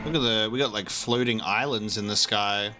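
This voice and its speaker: A young man giving casual, chatty commentary on a game he is playing blind, excitable and quick to laugh. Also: on the low side, over music. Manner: chatty, excitable, laughs often, many fillers. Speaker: gamer streaming a blind playthrough.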